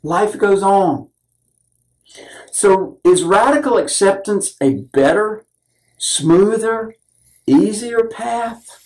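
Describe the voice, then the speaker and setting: A man's voice: high-pitched, animated, slow, pauses often, darkish tone, rough recording. Older man preaching a sermon. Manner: earnest, self-deprecating storytelling. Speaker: minister.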